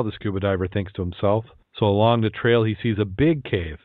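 A man hosting a podcast, chatty and quick to laugh, repeating words as he goes, between casual chat and telling jokes. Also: fairly low pitch, no echo. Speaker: podcast host. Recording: tinny phone-like line.

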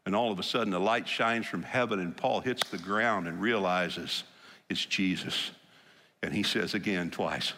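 Brief: male preacher, lively storytelling sermon, acts out scripture lines, ringing hall reverb. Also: deep voice, normal speed. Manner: animated storytelling, acting out scripture quotes. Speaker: pastor.

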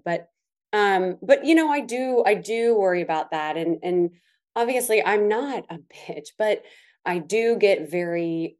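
A middle-aged woman co-hosting a casual chat, telling stories with lots of laughter and playful mimicry. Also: medium pitch. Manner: animated storytelling, laughs often, mimics others. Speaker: co-host.

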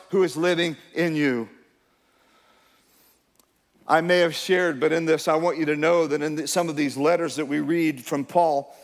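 Preaching man in a reverberant church. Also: a little high. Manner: emphatic preaching, urging the congregation to respond. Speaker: pastor. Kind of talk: sermon.

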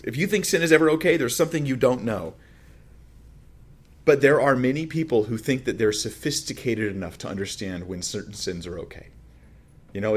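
A man preaching a sermon as a pastor, teaching through a Bible passage in a conversational way with emphatic rises and frequent restarts. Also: mid-range voice.

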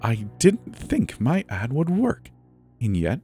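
A man's voice: mid-range voice, huge pitch swings, slow, mellow, faint music behind, pitched above the performer's own voice. A man voicing a creepy, grinning teenage boy who sells superpowers, in a mocking sing-song murmur. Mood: menacing.

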